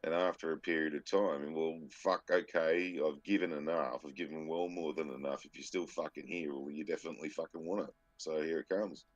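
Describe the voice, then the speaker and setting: A very deep-voiced man rambles through a casual podcast chat, swearing freely. His voice is bone-dry and close, with a slightly dull, lo-fi edge to the sound. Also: steady tone, brisk, few pauses, dry recording. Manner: profane, rambling storyteller. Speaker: podcast co-host.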